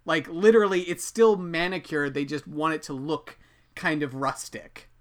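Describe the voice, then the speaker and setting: A man's voice: on the high side, steady tone, normal speed, a bit bright. A man hosting a podcast, dryly explaining a history story in a casual, amused way. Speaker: podcast host.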